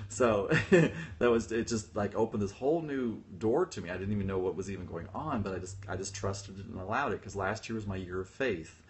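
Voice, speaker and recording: Over a phone livestream, a man with a lowish voice talks briskly while hosting a casual talk as a spiritual teacher. He is chatty and self-deprecating, laughing often as he tells stories.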